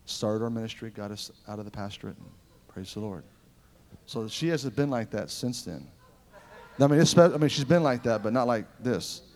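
A middle-aged man preaching a revival sermon at mid pitch. He tells personal stories with animated energy, rising to loud, ringing lines and dropping to hushed, intimate asides.

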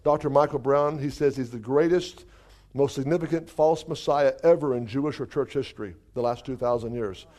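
A male preacher telling a testimony in a sermon, lively and dotted with hallelujahs and chuckles. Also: medium pitch, a little fast. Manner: animated, exclamations of hallelujah, chuckles.

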